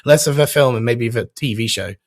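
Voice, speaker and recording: An excitable man hosts a live online show with loose, gushing chat full of "you know" and "mate". His voice is medium in pitch and sounds close and dry, with no room echo. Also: fairly quick. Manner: enthusiastic, chatty, lots of fillers. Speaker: host.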